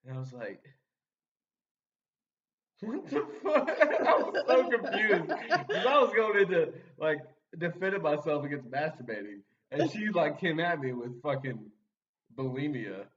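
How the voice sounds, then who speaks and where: A man's voice: a little high, big pitch swings, normal speed, a bit bright. A young man telling a story in casual chat, rambling with many fillers and frequent laughter. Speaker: podcast guest storyteller. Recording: muffled sound, distant from the mic.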